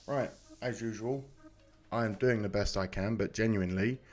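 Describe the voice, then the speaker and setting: A man's voice: on the low side, moderate pace. A British man hosting a live stream, chatting casually, greeting viewers by name and apologising for his mic volume while in some pain from a muscle injury. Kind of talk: casual live-stream chat reading comments. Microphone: close desk mic.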